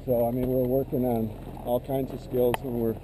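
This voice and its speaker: A man's voice: mid-range voice, little pitch movement, moderate pace, background noise. A man teaching fellow instructors, explaining a drill while walking through cones. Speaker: ski instructor.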